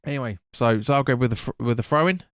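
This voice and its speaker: A man's voice: medium pitch, fast, no room sound, clean studio sound. A man hosting a live football watch-along, chatting casually, swearing and stumbling over player names. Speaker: fan stream host.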